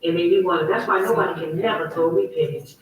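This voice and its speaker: On her own online talk show, a woman tells a story in a casual livestream monologue, heated, emphatic and repetitive. She talks fast in a fairly low voice, and the poor audio has heavy reverb and a distant mic.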